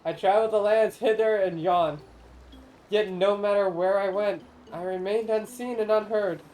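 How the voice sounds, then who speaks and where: A woman's voice: mid-range voice, steady tone, moderate pace, dark tone, faint music behind, natural voice, low-quality recording. Brief: woman reading as an ageless corn spirit for a game stream, solemn and archaic, grand and sorrowful. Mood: mournful. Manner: archaic, solemn, theatrical speech.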